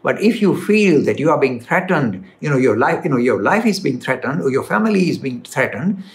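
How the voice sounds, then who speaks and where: Animated Indian-accented man explaining. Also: medium pitch, fairly quick. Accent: Indian English. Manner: animated, emphatic, rises when stressing points. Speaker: speaker answering viewer questions. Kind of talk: explanatory talk on philosophy. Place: London studio.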